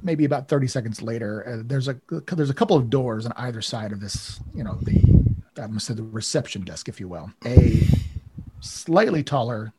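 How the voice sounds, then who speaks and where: A man's voice: medium pitch, animated, normal speed, very noisy. A man narrating as game master, casual and rambling with many fillers.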